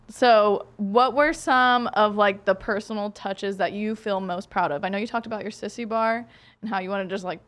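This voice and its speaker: A woman co-hosting a podcast puts questions to her guest in a casual, encouraging way. She speaks at a middle pitch and takes her questions slowly. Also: a bit bright. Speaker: podcast co-host. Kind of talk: casual interview.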